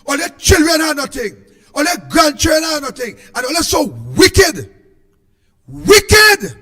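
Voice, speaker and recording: A man with a Trinidadian accent giving an impassioned political speech, shouting in a repetitive, sing-song way. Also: very high voice, wildly swooping pitch, moderate pace, long reverb tail. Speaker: political speaker.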